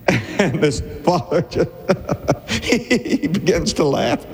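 A man preaching an evangelistic sermon, pleading and impassioned, swinging from loud calls to hushed lows. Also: big pitch swings, moderate pace. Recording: long reverb of a large hall.

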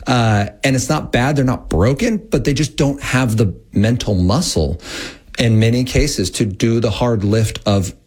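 A man's voice: mid-range voice, measured pace, a little mellow, slightly rough. A man in his thirties, a guest explaining parenting and technology in an earnest, explanatory way. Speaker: guest, Christian tech educator. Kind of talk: interview conversation.

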